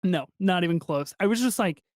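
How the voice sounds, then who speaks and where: A man co-hosting a podcast in casual film review chat, excitable and swearing freely as he acts out movie lines. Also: sits high, fairly quick, dry recording, studio quality. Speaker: podcast co-host.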